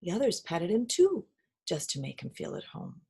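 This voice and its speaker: A woman reads a children's picture book aloud, her voice rising and falling in a lively, sing-song way. There is a soft breathiness to her tone. She pauses to point things out as she goes. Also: on the low side, vocal fry, breathy edge. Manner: expressive, sing-song storytelling. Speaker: reader.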